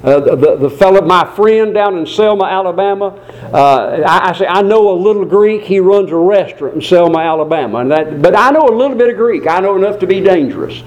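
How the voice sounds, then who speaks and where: A man preaching a sermon in a folksy, digressive way, slowing down to stress key words and adding asides and small jokes. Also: sits high, expressive, a little mellow, muffled recording.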